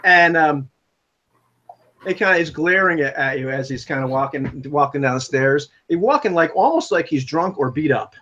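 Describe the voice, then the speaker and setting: A man's voice: a little high, expressive, moderate pace, sharp tone. A man narrating a tabletop role-playing game as game master, rambling with many fillers and chuckling often. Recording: dull lo-fi recording.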